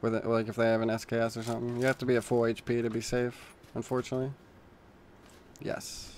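A young man streaming a shooter game, giving calm callouts to teammates, then yelling in panic when things get tense. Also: mid-range voice, fast, slight background noise. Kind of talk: casual gaming chatter.

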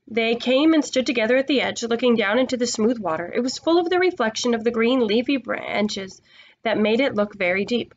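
A woman's voice: a little high, expressive, brisk, dull audio. A woman reading a children's book aloud, often stumbling and restarting words. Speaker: narrator.

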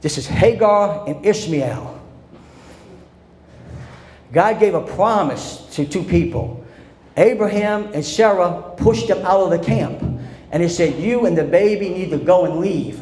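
Impassioned preacher in a reverberant church. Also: male voice, on the high side. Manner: impassioned preaching that swings from loud declarations to quiet storytelling. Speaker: pastor. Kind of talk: sermon. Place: church sanctuary. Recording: long church reverb with faint background noise.

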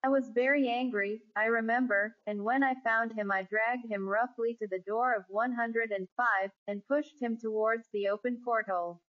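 Woman narrating a ghost story, fairly high. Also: steady tone, moderate pace, hardly any pauses. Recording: dull lo-fi recording.

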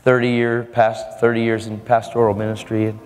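A man's voice: mid-range voice, monotone, moderate pace, a little mellow. A man preaching a storytelling sermon in an earnest, casual way, often repeating his words. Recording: echoey hall with faint music.

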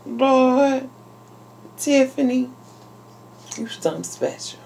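A woman vlogger chatting casually while unboxing a package, talking excitedly to her viewers. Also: high voice, a little slow, vocal fry, long pauses, a little hiss or hum. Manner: chatty and exclamatory, addressing viewers as y'all. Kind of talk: casual unboxing vlog chat.

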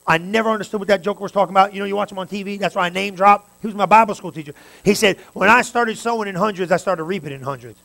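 A man pastor preaching a sermon, talking straight to his congregation and building to fervent, loud stretches. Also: high-pitched, vocal fry. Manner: preaching with rising fervor, direct address to the congregation.

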